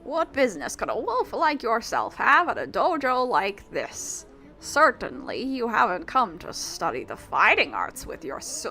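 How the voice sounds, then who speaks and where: A woman's voice: fairly high pitch, bright, forceful tone, full character voice. A woman voicing an eccentric, boastful old male dojo master in a video game, with a slightly British put-on accent and a theatrical, grandiose delivery. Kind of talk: reading game dialogue aloud.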